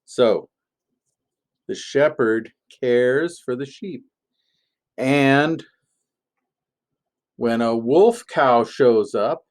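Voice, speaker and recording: A pastor delivers a gentle, playful family sermon built around an object lesson, pausing often as he tells a story. His voice is medium in pitch.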